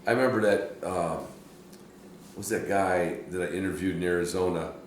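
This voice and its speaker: A man's voice: low-pitched, moderate pace, a little hiss or hum. A man from Michigan hosting a podcast, telling a rambling story in casual chat at a hunting camp and laughing often. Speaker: podcast host. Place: hunting camp room, drinks being poured. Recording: echoey room.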